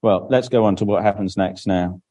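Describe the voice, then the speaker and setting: Mellow-voiced man teaching a children's Bible talk. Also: lowish voice, normal speed, poor audio. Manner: explains simply, asks questions and answers them himself; draws on a board while speaking, with frequent restarts.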